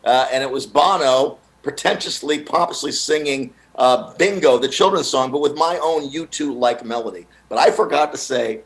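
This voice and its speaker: A man telling comic stories on a podcast as a guest comedian, lively and often slipping into other people's voices. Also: medium pitch, normal speed, hardly any pauses. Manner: animated, acts out other people's voices with laughs. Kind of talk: casual podcast storytelling.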